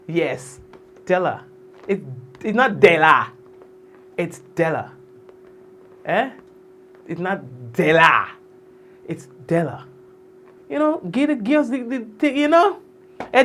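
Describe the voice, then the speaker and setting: A man's voice: high voice, a little hiss or hum. A man hosting a live news stream, chatting casually and teasing viewers by name as he signs off, laughing often.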